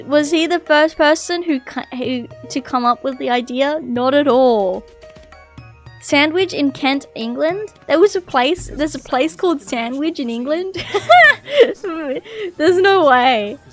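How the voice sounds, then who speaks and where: A high-pitched woman streams live, reading a text aloud and breaking off often to chat with her viewers. She gets loud and excitable, with quick bursts of apology and exclamation. Faint music plays under her voice.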